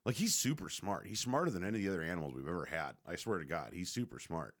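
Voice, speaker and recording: A man's voice: low-pitched, lively intonation, fast talker. A man casually telling a rambling, profane, joking story to the camera.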